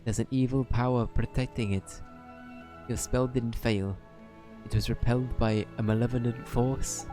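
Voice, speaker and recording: A man's voice: medium pitch, steady tone, normal speed, mellow, faint music behind, lightly acted. A man voicing a cheeky little male fairy sidekick in a game, in a put-on Welsh accent with chummy, slangy talk. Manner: chummy, colloquial, rough-edged slang.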